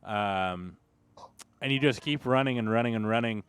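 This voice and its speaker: A man's voice: lowish voice, normal speed, clear, resonant tone, dry recording. A man running a tabletop role-playing game, describing the scene and calling for dice rolls. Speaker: game master.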